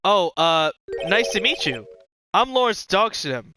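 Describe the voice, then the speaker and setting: A man's voice: high-pitched, sing-song, measured pace, music in the background. A man voicing a lovestruck, evasive young man who stammers nervously in a game playthrough. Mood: flustered.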